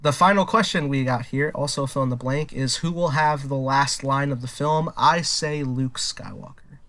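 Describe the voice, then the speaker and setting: A man's voice: medium pitch, normal speed, a bit bright. A young man hosting a casual podcast chat, playful and laughing often. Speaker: podcast host.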